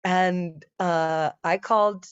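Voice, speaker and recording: A woman's voice: on the low side, steady tone, slow pace, smooth, no room sound, dull audio. A woman in her thirties telling stand-up stories in a chatty, self-deprecating way, with many fillers and restarts. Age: 30s. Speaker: stand-up comedian. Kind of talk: stand-up storytelling set.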